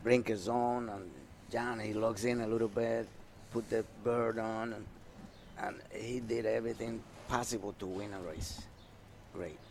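An older Panamanian man, a former jockey, reminisces about races in a slow, deliberate way, his Spanish accent colouring each phrase. He gets animated in the thick of a story and then trails off softly. A faint hum of ambience sits under the voice. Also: fairly low pitch, vocal fry. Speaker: retired jockey. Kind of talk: reminiscing interview.

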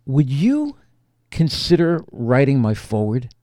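A man tells a story in an animated way, his voice swinging widely up and down in pitch. He often repeats words as he restarts a thought. The sound is close and dry, with no room echo. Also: a little slow. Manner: animated storyteller who acts out quotes. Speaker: author and interview guest. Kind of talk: emotional personal storytelling.

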